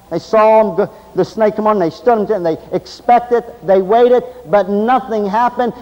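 A man preaching a sermon, swinging between loud, intense passages and low, quiet stretches. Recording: long hall reverb.

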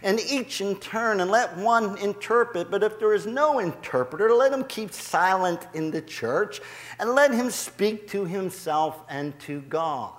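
A man preaching in a church sanctuary, his fairly high voice carrying into a long reverb. He is animated, rising in volume as he gets going and laughing at himself. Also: unhurried. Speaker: guest preacher. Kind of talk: sermon.

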